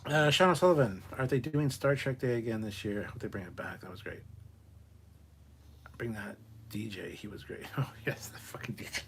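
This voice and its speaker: A man's voice: fairly low pitch, moderate pace, a bit bright, slight background noise. A man hosting a casual live stream, reading viewer questions aloud and answering them bluntly, with plenty of swearing and muttered asides.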